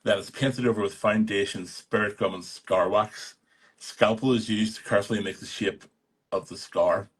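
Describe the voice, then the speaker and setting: A man with a husky, somewhat low voice, reading and chatting in a wry, blunt, self-mocking way. He sounds relaxed and unbothered. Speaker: host of an online live chat. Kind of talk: casual live chat and reading aloud.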